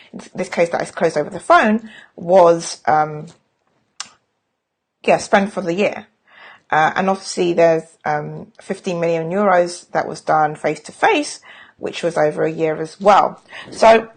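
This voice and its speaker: A woman's voice: fairly low pitch, animated, a little slow. A middle-aged woman talking casually on a live stream as a sales coach, frank and chatty, with self-mocking jokes.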